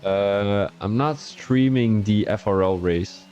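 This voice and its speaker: A man's voice: fairly low pitch, takes it slowly, a little mellow, dull audio, slight background noise. A young man from Belgium, giving chatty live-stream commentary on an online racing league and talking to his chat between calls.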